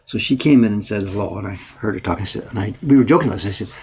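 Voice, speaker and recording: A man from Yorkshire who now speaks with a Canadian accent, hosting a casual livestream and telling lively anecdotes. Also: fairly low pitch, rapid-fire, slight background noise. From England, Yorkshire. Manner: animated storyteller, acts out voices in anecdotes. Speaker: printmaker streaming host.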